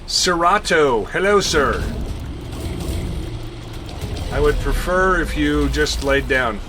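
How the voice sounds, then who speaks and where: A man streaming a game live, chatting casually with viewers, thinking and counting out loud and laughing often. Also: a little high, animated, takes it slowly, long pauses, background noise. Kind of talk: casual gameplay commentary.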